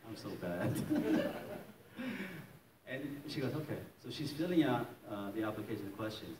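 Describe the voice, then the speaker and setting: A man's voice: fairly low pitch, lively intonation, moderate pace, a little mellow. A middle-aged man, a pastor, telling a personal story in a sermon. He chuckles often and acts out the voices of the people in it. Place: church hall. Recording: echoey hall from a distance.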